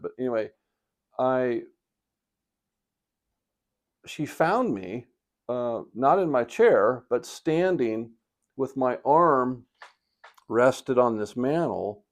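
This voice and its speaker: An older man in retirement telling a personal story on his video blog, reflective and halting with a touch of emotion, sitting by a fire at home. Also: mid-range voice, gravelly. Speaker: vlogger. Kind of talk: casual storytelling. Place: indoors by a fireplace at home.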